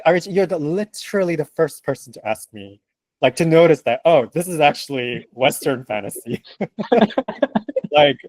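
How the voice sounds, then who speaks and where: A man who translates books, chatting as a guest in an interview, animated and laughing often with lots of fillers. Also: fairly high pitch, dry recording. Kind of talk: casual interview conversation.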